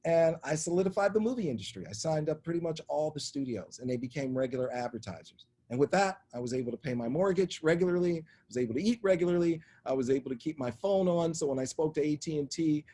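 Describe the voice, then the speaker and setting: Middle-aged male interview guest, husky and a touch high-pitched, animated storyteller who does the voices. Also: quick pace, few pauses. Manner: animated anecdotal storytelling, acts out voices in quotes. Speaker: interview guest, media executive. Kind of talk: storytelling in conversation.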